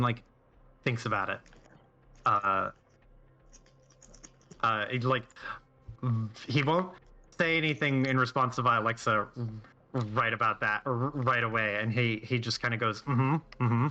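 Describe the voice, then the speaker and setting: A man's voice: medium pitch, steady tone, slow pace, pauses often, sharp tone, highs cut off. A man playing a tabletop game, describing his character's actions in a loose, rambling way. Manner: rambling, with many fillers and restarts. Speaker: player.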